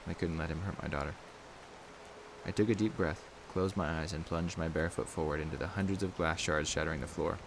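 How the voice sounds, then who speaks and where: Deep-voiced man narrating horror. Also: a little hiss or hum.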